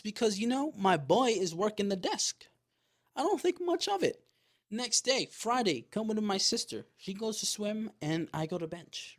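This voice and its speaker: A man hosting a podcast, telling a story in a casual, animated way, with lots of swearing and quick asides. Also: sits high. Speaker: podcast host.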